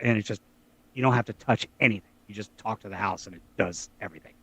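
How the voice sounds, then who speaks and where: A man's voice: on the low side, fast, a bit bright, breathy edge. A man co-hosting a casual podcast chat, chatty and jokey, fond of dropping film quotes. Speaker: podcast co-host.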